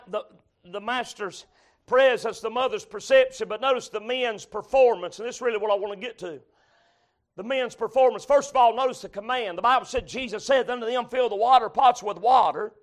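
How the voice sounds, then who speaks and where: Man, high voice, preacher, shouting sermon, murmured amens. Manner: shouts and cries out at peaks, drops to a murmured "amen". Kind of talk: revival sermon. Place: church.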